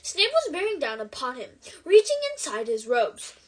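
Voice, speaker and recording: A woman reads a novel aloud in an expressive storytelling way. Her voice is high and very lively, climbing and dipping from phrase to phrase. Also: normal speed, rough recording. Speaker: book reader.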